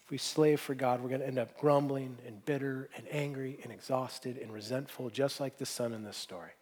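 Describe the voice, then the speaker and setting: A man's voice: mid-range voice, steady tone, fairly quick, a little mellow, husky. A man preaching a sermon as a pastor, telling stories in an earnest, conversational way.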